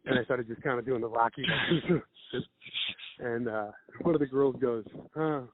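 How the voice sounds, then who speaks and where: A man's voice: mid-range voice, moderate pace, dry recording. Man, comedian guest, rambling anecdotes, dry tinny phone-line sound. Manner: rambling anecdotes with laughs and acted-out quotes. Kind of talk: casual storytelling chat. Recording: phone-like narrow band.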